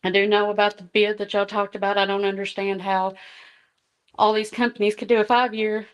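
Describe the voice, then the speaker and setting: A woman's voice: mid-range voice, level tone, brisk, smooth, lo-fi sound. Woman, middle-aged, earnest public comment, emotional, reading notes. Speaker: school bus driver and safety trainer. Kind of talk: public comment at a board meeting.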